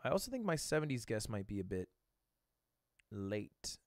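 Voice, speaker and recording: Animated, swearing male streamer thinking aloud. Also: on the low side, normal speed, dry recording, studio quality. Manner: animated, swears freely, talks himself through guesses; bursts into loud excited exclamations. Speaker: streamer reacting to videos and playing guessing games.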